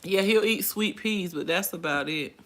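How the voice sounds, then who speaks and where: A woman in her forties hosts a casual livestream, speaking in a lowish voice at a moderate pace. She reads viewers' comments aloud and chats folksily, laughing frequently.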